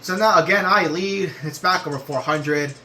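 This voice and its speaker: A young man giving gameplay commentary on a racing game, excitable, swearing and yelling at the game. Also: a little high, normal speed, a little hiss or hum, low-quality recording.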